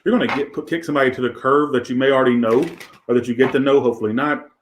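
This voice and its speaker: A man's voice: medium pitch, steady tone, rapid-fire, echoey room, slight background noise. Crude, rambling man reading tarot. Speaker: tarot reader.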